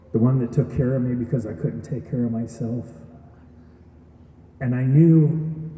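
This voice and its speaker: Male speaker, earnest storyteller, dark mellow tone, heard from a distance in a hall. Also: medium pitch. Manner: earnest storytelling, addresses audience with questions. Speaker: graduation speaker. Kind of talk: testimonial speech. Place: event hall. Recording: echoey hall from far off.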